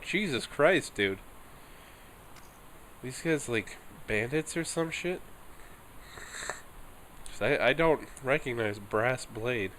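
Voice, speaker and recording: A man's voice: mid-range voice, takes it slowly, pauses often, bright, forceful tone, slight background noise. A man giving casual, offhand commentary while playing a story game, mumbling asides between lines. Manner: offhand, mumbling asides, reads dialogue aloud. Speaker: streamer.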